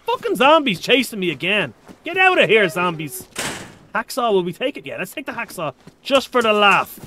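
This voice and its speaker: A man streaming a survival game, chatting casually and excitably, with frequent swearing. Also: sits high, normal speed, slight background noise. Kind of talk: casual live-stream commentary.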